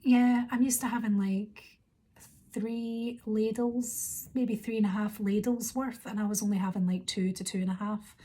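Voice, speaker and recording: A young woman vlogger telling a story in a casual, rambling, animated way, quoting her own thoughts. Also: medium pitch, normal speed. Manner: rambling, animated retelling with quoted inner thoughts.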